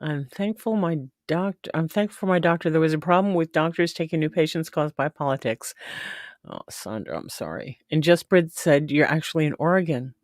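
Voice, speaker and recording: A woman's voice: deep voice, expressive, normal speed, darkish tone, no echo, clean studio sound. Chatty woman hosting a live stream. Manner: chatty and affectionate, greets viewers by name. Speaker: livestream host. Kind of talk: casual livestream chat.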